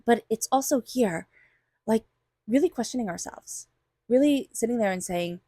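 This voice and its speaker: A woman's voice: fairly high pitch, expressive, moderate pace, warm tone, breathy edge, no room sound, studio quality. A woman tarot reader giving a monthly reading straight to her viewers, chatty and enthusiastic, sometimes acting out little quoted voices.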